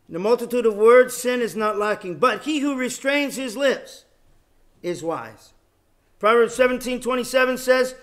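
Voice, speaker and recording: Middle-aged male Bible lecturer, higher-pitched voice, measured and repetitive, sometimes drops soft and low. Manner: measured, repeats key phrases for emphasis. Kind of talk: sermon.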